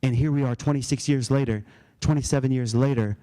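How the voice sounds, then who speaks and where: A man's voice: medium pitch, steady tone, a little fast, mellow. A man giving a conference keynote, telling stories and laughing at his own anecdotes. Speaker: keynote speaker. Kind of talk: storytelling keynote speech. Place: conference hall.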